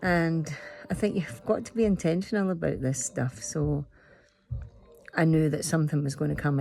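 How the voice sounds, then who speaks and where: A woman's voice: sits low, gravelly, darkish tone. A middle-aged Scottish woman chatting casually and emotionally, rambling through a personal story. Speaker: spiritual vlogger. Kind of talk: casual chat.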